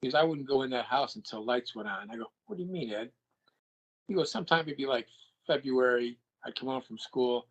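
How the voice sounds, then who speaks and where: This older male guest talks briskly in a medium-pitched voice, captured on a muffled recording. Recounting a personal story, he animates it by acting out each quoted exchange.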